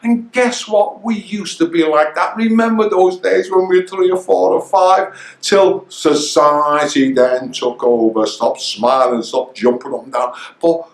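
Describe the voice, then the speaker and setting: High-voiced older man coaching, echoey room. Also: measured pace. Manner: energetic, emphatic, repeats key phrases. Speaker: founder of a coaching academy. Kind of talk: motivational coaching talk. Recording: roomy echo.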